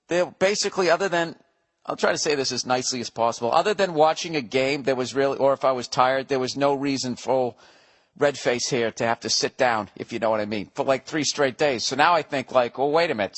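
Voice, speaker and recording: A man in his forties riffs through a solo comedic podcast monologue, swearing freely and slipping into acted-out voices for the people in his story. His voice sits a little on the high side. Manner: profane, animated storytelling with voiced asides. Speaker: podcast host.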